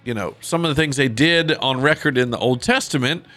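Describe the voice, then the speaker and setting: Pastor chatting over scripture, dry sound. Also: male voice, mid-range voice, brisk, bright, forceful tone, dry recording, faint music behind. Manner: casual, conversational, with asides and fillers; reads scripture aloud. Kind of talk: podcast Bible teaching.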